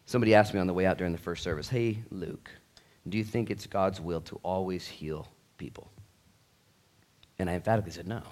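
A man preaching a sermon at a church service in a jokey, conversational way, swinging from quiet asides to loud, excited bursts. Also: low-pitched, brisk. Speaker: pastor.

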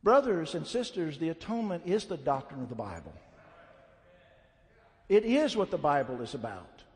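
High-voiced preacher in a reverberant hall. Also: male voice, very animated, normal speed. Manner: blunt, emphatic preaching with rising fervor. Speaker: pastor. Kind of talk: sermon. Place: church sanctuary.

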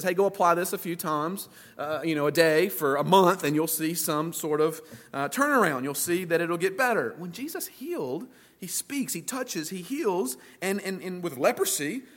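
A man's voice: high-pitched, fairly bright tone. A man preaching a sermon to his church, earnest and emphatic, repeating phrases for weight and restarting mid-thought. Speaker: pastor.

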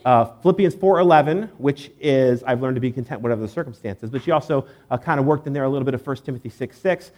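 A man's voice: medium pitch, fast, hardly any pauses, a little mellow. A man giving a sermon in church, conversational and joking, with many fillers. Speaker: pastor.

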